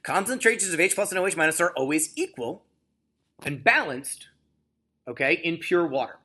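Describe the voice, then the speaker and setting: A man's voice: a little high, sing-song, normal speed, bright, forceful tone, slightly rough. A man teaching biology in a recorded lecture screencast, explaining slides with jokey asides and frequent "okay?" and "right?" checks.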